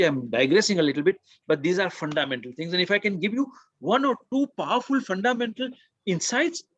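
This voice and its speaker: A man's voice: fairly high pitch, fairly bright tone, no room sound, lo-fi sound. A man hosting a motivational webinar, speaking earnestly, repeating words and asking the audience questions. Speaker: webinar host and coach.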